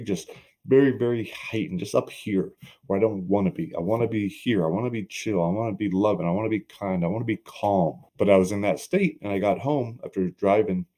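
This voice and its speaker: A man's voice: lowish voice, mellow. A middle-aged man hosting a solo podcast, talking candidly and reflectively about his week. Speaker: podcast host. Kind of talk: personal solo podcast talk.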